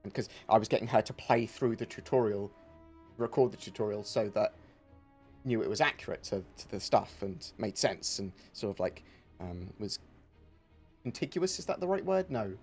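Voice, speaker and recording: A man's voice: on the low side, expressive, moderate pace, gravelly, darkish tone, slightly rough, soft background music. Rambling man hosting a livestream. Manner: rambling, self-interrupting, chaotic. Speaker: livestream host. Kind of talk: casual livestream chat.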